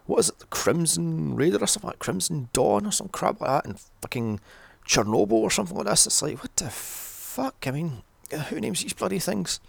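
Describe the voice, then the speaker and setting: Man, gravelly voice, lively swinging pitch, sarcastic profane rant, dry close mic. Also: normal speed, dry recording. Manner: sarcastic and exasperated, swears constantly. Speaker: film reviewer. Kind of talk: profane ranting film recap.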